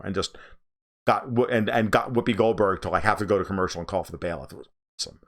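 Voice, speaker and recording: A man's voice: low voice, quick pace. A man hosting a casual political livestream, ranting sarcastically and profanely, with many fillers and restarts.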